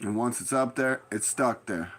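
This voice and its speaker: A man's voice: mid-range voice, normal speed, fairly bright tone. A man in a casual rambling monologue, giving blunt street advice in heavy slang and constant profanity, with stern warnings.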